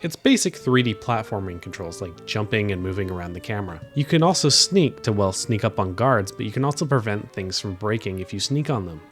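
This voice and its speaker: A young man doing a video game review voice-over in a flat, monotone delivery. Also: fairly low pitch. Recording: voice-over with faint game music behind.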